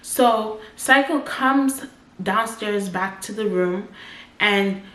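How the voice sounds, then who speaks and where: Speaking slowly in a medium, slightly bright voice, a twenty-something vlogger shares a personal story. Her loose, run-on sentences lean heavily on "like," and the room adds echo.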